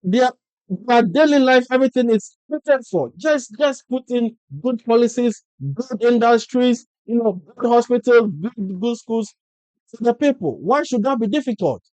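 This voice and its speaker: A man's voice: extremely high pitch, moderate pace, darkish tone, smooth, no room sound, rough recording. Impassioned Ghanaian man, dry sound. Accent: Ghanaian English. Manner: insistent, repetitive rhetorical questions. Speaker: political vlogger. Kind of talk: impassioned political monologue.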